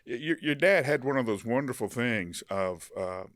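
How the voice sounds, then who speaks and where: An older man hosting a podcast interview, talking in a halting way with many restarts, livening up when he tells stories. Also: medium pitch, lively intonation, a bit bright, no echo, studio quality. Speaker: podcast host. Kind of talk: conversational interview.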